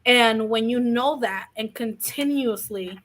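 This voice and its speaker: A woman's voice: on the high side, slow pace, fairly bright tone. A young adult woman telling a personal story as a guest, openly and ramblingly, coughing a little from asthma. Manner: open, rambling, quotes others in little acted lines. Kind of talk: candid personal story in an interview.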